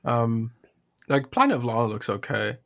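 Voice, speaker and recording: A man with an accent chats on a casual gaming podcast, relaxed and quick to defend himself with a joke. His pitch swings up and down as he talks. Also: vocal fry. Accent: non-American, said to have an accent.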